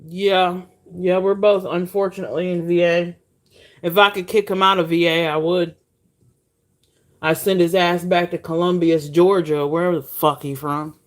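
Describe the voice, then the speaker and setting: A woman's voice: fairly low pitch, moderate pace. A woman talking frankly to her viewers in a casual monologue, swearing and laughing often while she cooks. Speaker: vlogger.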